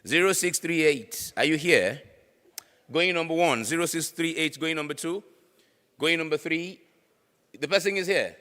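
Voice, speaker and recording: Nigerian male emcee, bright, teasing, singsong number calls; reverberant hall mic. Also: on the high side, normal speed, long pauses. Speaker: raffle draw host. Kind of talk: playful event emcee. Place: conference hall. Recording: echoey hall with long reverb.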